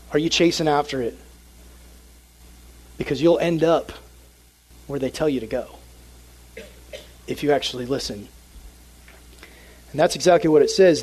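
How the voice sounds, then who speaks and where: A young man preaching to a youth group, telling a story with lively, animated energy. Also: medium pitch, slightly rough, poor audio. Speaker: youth pastor. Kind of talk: sermon with a personal story.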